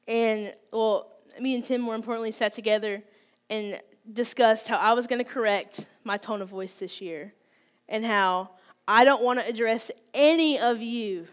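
A woman in her twenties giving a candid, conversational sermon, open and self-deprecating about her own faults. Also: on the high side. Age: 20s. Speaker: youth speaker.

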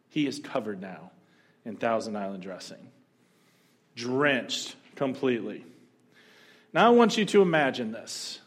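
Man preaching a storytelling sermon. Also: medium pitch. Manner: storytelling, animated, humorous asides. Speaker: pastor.

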